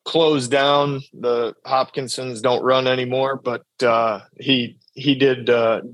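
A man's voice: medium pitch, flat delivery, a bit bright, dry recording, poor audio. A man who rides bulls, telling stories casually in an interview and acting out what others said. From New York state. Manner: drawn-out storytelling, acts out quoted dialogue. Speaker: bull rider guest.

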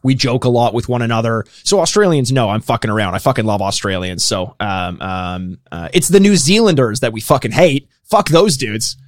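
A man's voice: mid-range voice, brisk, hardly any pauses, no echo, clean studio sound. Joking, swearing Canadian podcast man. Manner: joking, profane, laughs often. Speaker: podcast co-host. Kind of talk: casual podcast banter.

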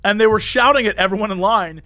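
A young man telling a story in casual podcast chat, lively and acting out quotes in voices. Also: high-pitched, fast. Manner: animated, acts out quotes in voices.

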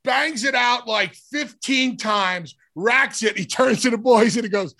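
Bright, gravelly man telling stories. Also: very high-pitched, unhurried. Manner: animated, emphatic storyteller. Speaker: podcast co-host, former wrestler. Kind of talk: casual storytelling chat.

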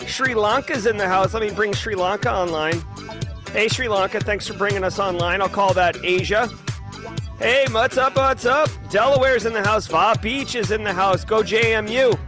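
A man hosting a live show, giving playful, rapid shout-outs to viewers. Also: high voice, over music. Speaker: livestream host.

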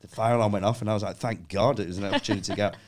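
A man's voice: fairly low pitch, steady tone, rapid-fire. A man, a comedian guest, telling stories in casual chat, laughing often and acting out the people he quotes.

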